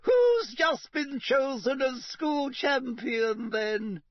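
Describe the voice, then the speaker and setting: A man voicing a fussy, plump female talking portrait in a high, sing-song, gossipy voice. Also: lively intonation, very slow, no room sound, clean studio sound, full character voice.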